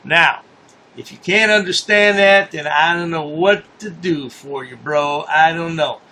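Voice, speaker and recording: A man's voice: fairly high pitch, a little slow, pushed and bright. A man hosting a commentary channel, mocking a news story in a sarcastic, scornful way and repeating his points for effect.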